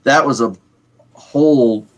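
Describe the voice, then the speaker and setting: A man's voice: mid-range voice, slow. A man co-hosting a casual chat who rambles, repeats words and slips into playful impressions. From Pittsburgh area. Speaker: podcast co-host.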